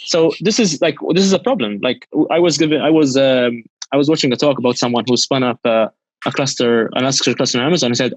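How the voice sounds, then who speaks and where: A man, an interview guest, talking rapidly in a casual chat with frequent stumbling restarts. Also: medium pitch, no echo. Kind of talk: casual video call interview.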